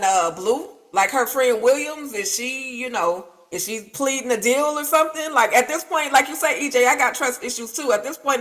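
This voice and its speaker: A woman's voice: fairly high pitch, a bit bright. A woman panelist in a casual online discussion, rambling and full of fillers.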